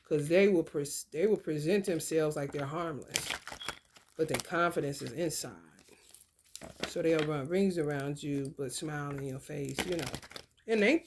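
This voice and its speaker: Blunt, gravelly-voiced woman vlogger. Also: low voice, measured pace, background noise. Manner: blunt, profane, animated commentary with loud outbursts. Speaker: spiritual content creator. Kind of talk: casual spiritual vlog reading.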